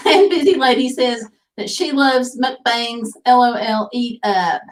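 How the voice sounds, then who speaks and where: A woman with a fairly high, unhurried voice hosts a casual livestream and reads viewer comments aloud in a chatty, easygoing way, her voice captured from afar.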